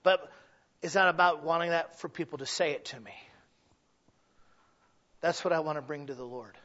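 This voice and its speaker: A man preaching a sermon as pastor, shifting from quiet, near-whispered passages to loud, exclaiming ones. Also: on the high side, normal speed, lo-fi sound. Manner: swings from hushed and intimate to loud and exclaiming.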